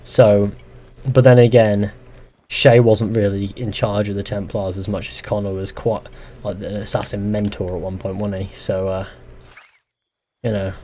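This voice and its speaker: A man's voice: fairly low pitch, little pitch movement, measured pace, mellow, a little hiss or hum. A young man live-streaming a game, chatting casually, reading viewer comments aloud and answering with dry sarcasm. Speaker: gaming streamer. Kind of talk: casual live-stream chat while playing.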